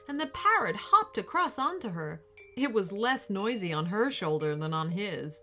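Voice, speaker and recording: A woman telling a children's storybook. She speaks slowly and gently. Her voice is bright and lively, with a sing-song pitch. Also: soft background music.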